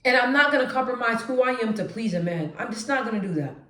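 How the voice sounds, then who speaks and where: A woman vlogging straight to camera, with a naturally deep voice she lifts a notch as she talks emphatically. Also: fast, reverberant. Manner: emphatic, animated, conversational. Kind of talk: direct-to-camera monologue.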